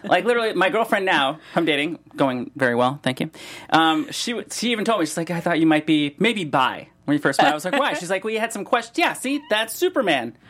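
A man's voice: a little high, very animated, fast talker, a bit bright. A man hosting a casual comedy chat, playful and teasing, wandering off on tangents. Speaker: podcast host.

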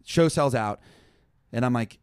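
A young man telling a long, rambling story in casual chat, animated and full of fillers. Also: mid-range voice, unhurried, clean tone, no room sound, studio quality. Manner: animated, rambling, heavy use of "like". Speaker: touring musician, guest.

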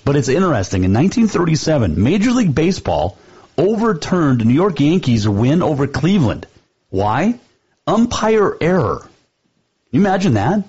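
Chatty husky-voiced sports radio host man. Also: medium pitch, darkish tone, highs cut off. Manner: chatty, rambling, fond of trivia. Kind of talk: casual sports radio monologue.

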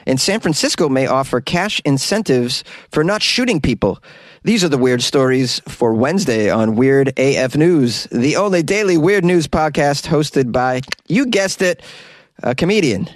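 A man's voice: on the high side, lively intonation, moderate pace, dry recording. A man with a New England accent hosting a comedy news podcast, joking and rambling with frequent laughs. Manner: jokey, rambling, laughs often.

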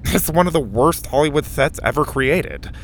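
A man's voice: a little high, expressive, moderate pace, a little hiss or hum, pitched above the performer's own voice. A man voicing a cocky, eccentric rich boy genius who talks with a lisp, in a storybook reading. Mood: teasing.

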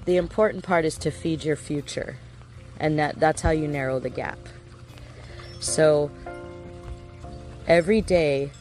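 A man's voice: on the high side, a little mellow. A man giving a casual self-help lesson in an earnest way, asking his listeners rhetorical questions.

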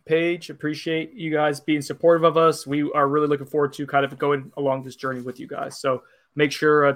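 A man with a slightly high, creaky, fairly bright voice co-hosts a whiskey podcast. During this casual chat and whiskey tasting, he rambles and leans heavily on the word "like."

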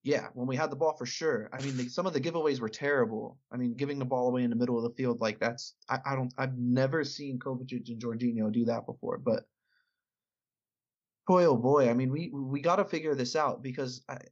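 A man's voice: medium pitch, fairly even intonation, brisk, dull audio. A man co-hosting a casual sports talk show, rambling, with many restarts and hedges. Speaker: podcast co-host.

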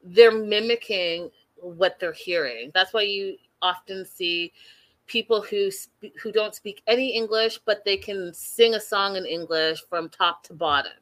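A woman hosting a casual recap chat over a video call, animated and talking straight to her co-host. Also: mid-range voice, measured pace. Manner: animated, acts out quotes, addresses co-host by name. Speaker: podcast host.

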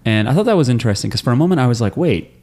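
A man's voice: mid-range voice, very animated, very fast, darkish tone. A man co-hosting a podcast, joking and rambling with fillers as he recaps an episode. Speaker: podcast co-host. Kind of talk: casual chat recap.

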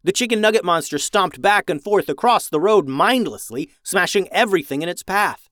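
A man reading a children's adventure story aloud, with lively voices for the characters. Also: sits high, normal speed, no echo, clean studio sound. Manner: animated, raises voice for characters' lines.

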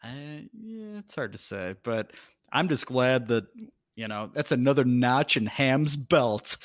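A man with a mid-pitched voice co-hosts a podcast in relaxed banter, stumbling into restarts and throwing out crude teasing. The recording is dry, with no room echo. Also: unhurried. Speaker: podcast co-host.

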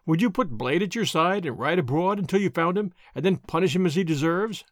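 Man putting on a proud young señorita, sharp, high and lively. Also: brisk, no echo, clean studio sound. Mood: impatient. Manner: sharp, exasperated. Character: spirited young noble lady, impatient and proud.

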